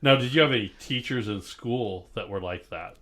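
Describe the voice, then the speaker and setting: A man's voice: fairly low pitch, moderate pace, crowd noise. A man co-hosting a casual podcast, joking around, laughing often and asking his guests questions. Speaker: podcast co-host. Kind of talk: casual chat.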